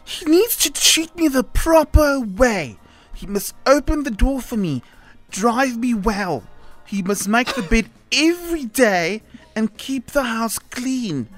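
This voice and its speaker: A man's voice: very high voice, lively intonation, takes it slowly, a bit bright, faint music behind, full character voice. A man voicing a prim, demanding 76-year-old widowed granny on a radio show. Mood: prim, fussy. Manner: fussy, demanding, giggly. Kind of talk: radio show read-aloud.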